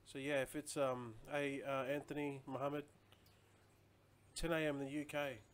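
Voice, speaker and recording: A man's voice: mid-range voice, level tone, moderate pace. A man chatting casually on a live stream, rambling loosely and answering viewer comments as he goes.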